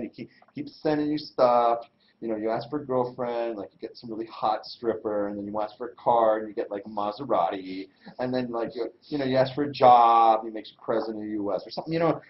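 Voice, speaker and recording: A man giving a casual religious lesson in a slangy, irreverent, animated way, full of everyday examples. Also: mid-range voice. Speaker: Torah teacher and host. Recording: dull lo-fi recording.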